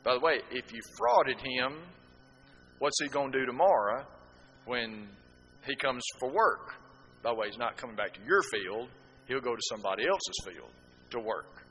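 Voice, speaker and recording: A man's voice: medium pitch, animated, moderate pace, pauses often, pushed and bright, in a large hall, lo-fi sound, slight background noise. A man preaching a sermon, telling folksy stories with rhetorical asides.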